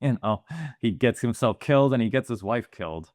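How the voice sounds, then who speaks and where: A man's voice: medium pitch, lively intonation, fairly quick, darkish tone, no echo, clean studio sound. A man co-hosting a movie podcast, talking reflectively and a little hesitantly, filling his thoughts with "like". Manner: reflective, hesitant, many "like" fillers. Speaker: podcast co-host. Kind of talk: casual movie discussion.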